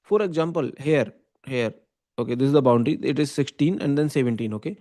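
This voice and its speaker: Talking fast in a mellow, medium-pitched voice, a man with an Indian English accent teaches computer science in an online lecture. He breaks things down step by step, checking in often with "okay?" and "right?".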